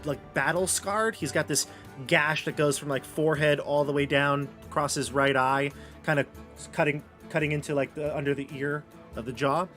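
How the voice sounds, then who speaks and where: A man's voice: a little high, steady tone, normal speed, fairly bright tone, soft background music. A man narrating a tabletop role-playing game as game master, in rambling, chatty descriptions full of fillers.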